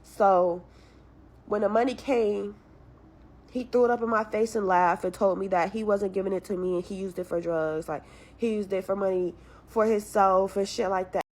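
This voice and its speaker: A woman's voice: medium pitch, fairly even intonation, normal speed, darkish tone. A young woman venting about her struggles in a blunt, frustrated way, cursing heavily as she tells her story. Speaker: caller telling her story.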